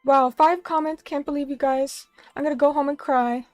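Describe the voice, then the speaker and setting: A vtuber streamer, a young woman in a small room at a little table, speaks at normal speed with a high voice and fairly even intonation. There's no room sound, just soft background music, as she rambles through casual chat and viewer comments with self-deprecating humor.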